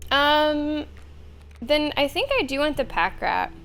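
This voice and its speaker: A woman's voice: high voice, animated, slow, creaky, a bit bright, faint music behind. A young woman streaming a game, thinking aloud in casual, chatty commentary.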